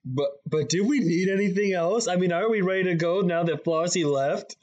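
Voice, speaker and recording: A man's voice: high voice, moderate pace, darkish tone. Male player, hesitant delivery, dull lo-fi mic. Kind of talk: playing a tabletop game in character.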